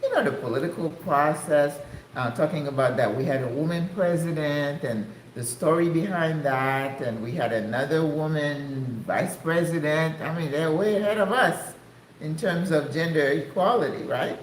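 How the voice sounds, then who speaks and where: An older woman from the United States chatting casually to her viewers, exclamatory and quick to laugh. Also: low-pitched, slight background noise. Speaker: vlogger. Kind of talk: casual chat. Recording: echoey room.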